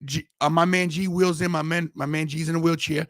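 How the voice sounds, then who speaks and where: A male podcast host tells a story in loose, rambling casual chat, circling back and restarting his sentences. His voice sits a little high for a man and has a gravelly edge. The sound is close and dry. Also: little pitch movement, a little fast, fairly bright tone, dry recording.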